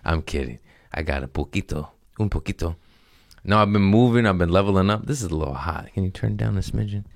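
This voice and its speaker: A man's voice: sits low, fast talker, gravelly, dry recording, studio quality. A man hosting his own podcast in a rambling, comedic monologue, joking, swearing and laughing often at himself. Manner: joking, profane, self-mocking, laughs often. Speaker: podcast host. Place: his apartment.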